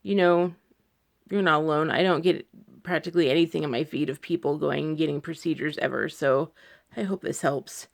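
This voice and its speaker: Anxious woman vlogger with a gravelly voice. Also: low voice, steady tone, brisk, darkish tone. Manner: anxious, rambling, many fillers like "like". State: scared, close to tears. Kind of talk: personal video diary. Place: indoors at home.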